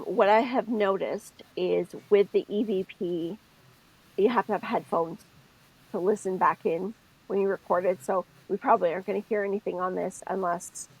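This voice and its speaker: A woman with a husky, breathy voice talks through spiritual ideas in a relaxed podcast chat. She is expressive and thinks out loud, often breaking off to start her sentence again. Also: mid-range voice, rough recording. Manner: expressive, thinks aloud, self-interrupting. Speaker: podcast co-host.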